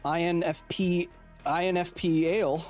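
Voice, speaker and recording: A man's voice: on the high side, fairly even intonation, moderate pace, darkish tone, soft background music. A man in his thirties hosting a live stream, chatting casually and jokingly and reading out viewer comments. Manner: playful, joking, reads chat aloud. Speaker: host.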